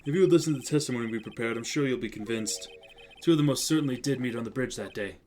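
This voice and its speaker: A man's voice: medium pitch, very fast, darkish tone, slight background noise, close to an everyday voice. A man voicing a haughty male prosecutor in a game, speaking in a clipped, disdainful way.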